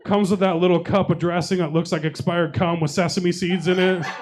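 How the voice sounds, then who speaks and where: A man's voice: sits high, little pitch movement, brisk, background noise. A young adult man doing a stand-up comedy set, telling profane, self-deprecating stories and teasing the audience. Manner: profane, self-deprecating storytelling with crowd work. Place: comedy showcase venue with live audience.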